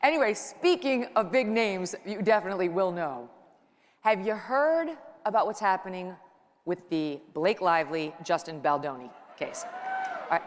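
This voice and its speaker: A woman's voice: mid-range voice, huge pitch swings, a little slow. Chatty woman speaking in a big hall. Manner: chatty, joking, storytelling. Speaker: conference speaker, talk show host. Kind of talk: lively stand-up style speech. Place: large conference hall. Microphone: handheld mic on stage. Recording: long hall reverb.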